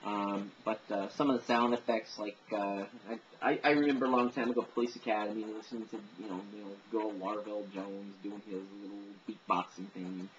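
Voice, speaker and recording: A man's voice: on the low side, fairly even intonation, brisk, hardly any pauses, highs cut off, slight background noise. A man talking casually about voices he can imitate, rambling, with many fillers and self-deprecating asides. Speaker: amateur voice impressionist. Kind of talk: casual monologue.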